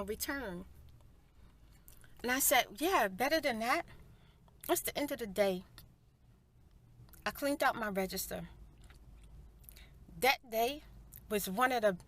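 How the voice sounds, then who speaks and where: A middle-aged woman in a soft-spoken personal storytime, heartfelt and spiritual, talking to viewers as "you guys" and "y'all" on a close mic indoors. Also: on the high side. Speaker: ASMR storyteller. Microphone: close mic for eating sounds.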